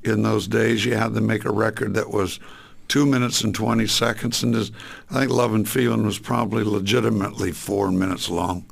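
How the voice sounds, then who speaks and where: Gravelly older man reminiscing. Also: fairly low pitch, little pitch movement, brisk. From Southern California. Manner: rambling, many fillers and restarts. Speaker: interview guest, singer. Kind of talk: relaxed reminiscing.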